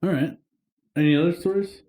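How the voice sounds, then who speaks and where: A man's voice: a little high, fairly quick, dark tone. A man hosting a podcast in casual chat, teasing his co-host with sarcastic quips. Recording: roomy echo.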